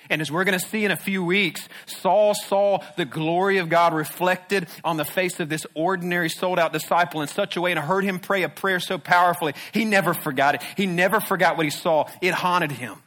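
A male pastor delivers a sermon in a fairly high voice. He swings between ringing, emphatic declarations and quiet, low, intense stretches.

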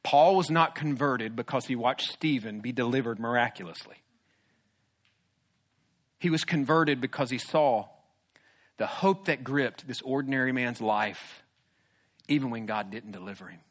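A man preaching a sermon, moving between loud emphatic declarations and hushed, low, intense passages. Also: moderate pace, pauses often. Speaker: pastor.

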